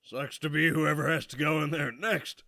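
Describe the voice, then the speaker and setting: A man voicing a gruff, crude male turtle-dragon king with a husky, gravelly voice and a blunt, grumbling manner. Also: a little high, steady tone, normal speed, sharp tone, voice pushed up. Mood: boastful.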